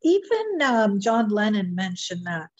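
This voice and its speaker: A woman's voice: mid-range voice, sing-song, measured pace, a little mellow. A woman interviewing a guest in casual conversation, mostly giving brief agreeing replies. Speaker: interviewer, mindset consultant. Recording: dull muffled audio.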